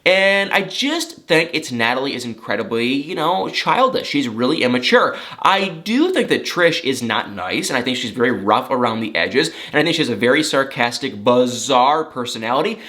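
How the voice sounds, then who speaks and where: A man's voice: medium pitch, expressive, normal speed, few pauses, bright, forceful tone. A young man giving an opinionated, casual recap of reality TV drama, retelling events with quoted asides. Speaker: celebrity gossip commentator.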